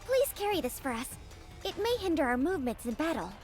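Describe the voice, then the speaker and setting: A woman's voice: sits high, sing-song, fairly quick, over music. An actress playing a young female soldier in game dialogue, urgent and commanding.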